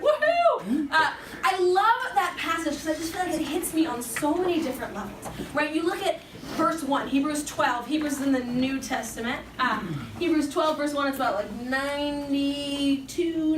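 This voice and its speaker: High-voiced woman giving an echoey faith talk. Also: brisk. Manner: casual, joking, chatty preaching. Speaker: speaker at a Catholic youth summer program. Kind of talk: faith talk to young people. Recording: echoey room, distant mic, background noise.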